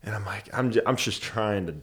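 Man, very low voice, podcast guest, earnest storytelling, rambling, lots of fillers. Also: a little fast, a bit bright, breathy edge. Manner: earnest, rambling, heavy use of "like". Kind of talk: personal storytelling in casual conversation.

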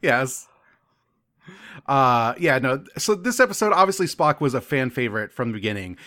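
A man's voice: medium pitch, sing-song, moderate pace, sharp tone. A man co-hosting a podcast, rambling enthusiastically and swearing casually as he recaps a TV episode. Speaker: podcast co-host.

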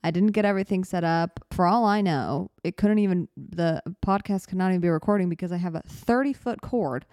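A young woman talks into her studio microphone in a loose, rambling podcast chat. Her voice sits low and smooth, and the room sounds dry and close. She jokes at her own expense and hurries until she's out of breath. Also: darkish tone, no echo. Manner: rambling, self-deprecating, talks fast and runs out of breath. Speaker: podcast host. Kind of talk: casual solo podcast chat. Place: small studio apartment.

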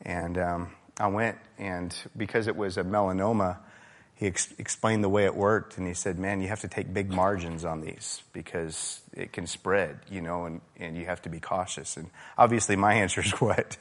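A man preaching a relaxed, conversational sermon as a pastor, often saying "man" and getting animated. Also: low voice, normal speed. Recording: reverberant hall.

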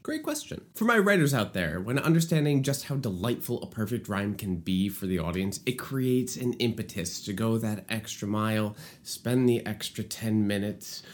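A man's voice: lowish voice, normal speed, hardly any pauses. A man explaining lyric writing for musical theater in an enthusiastic, playful teaching style. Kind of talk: explanatory video lesson.

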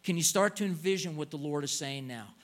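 A man's voice: on the high side, brisk, a bit bright. An older man preaching a sermon in an earnest way, stretching out words and pleading as he stresses points.

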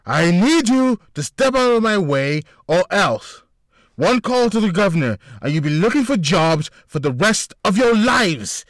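A man voicing a furious, blustering male city official who screams shrilly and hoarsely. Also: high-pitched, huge pitch swings, normal speed, a bit bright, no room sound, clean studio sound, pitched above the performer's own voice, exaggerated voice.

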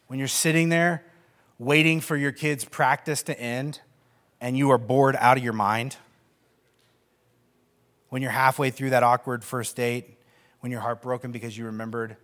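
A man's voice: mid-range voice, a bit bright. A man in his thirties giving a conversational sermon as pastor, with self-deprecating humor and many fillers.

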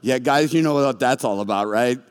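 A man's voice: medium pitch, moderate pace, clean tone. A man preaching a sermon as a pastor, telling stories with animation and acting out the voices of the people in them. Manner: animated storytelling, acts out voices. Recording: long reverb of a large hall.

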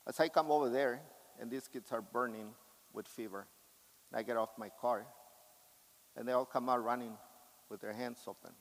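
A man's voice: mid-range voice, fairly even intonation, moderate pace, pauses often. Impassioned male preacher in a reverberant hall. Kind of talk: sermon.

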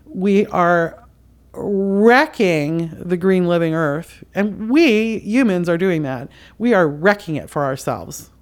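A woman's voice: fairly low pitch, lively intonation, slow pace. A woman hosting a podcast, giving a spiritual commentary monologue in an impassioned, emphatic, casual way with frequent fillers. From outside the US. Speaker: podcast host.

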